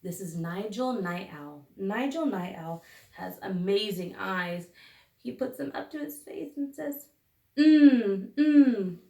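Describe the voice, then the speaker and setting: Slow, deliberate teacher in an echoey room. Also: female voice, mid-range voice, lively intonation, gravelly. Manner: slow and deliberate, sounding out each letter. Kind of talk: slow phonics lesson for young children. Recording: echoey room, recorded from a distance.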